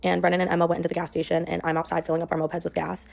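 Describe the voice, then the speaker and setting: Fast, gravelly young woman rambling. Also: fairly low pitch, monotone, darkish tone. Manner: rambling, heavy use of "like" and "um". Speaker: storyteller in a played clip. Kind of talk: casual storytime.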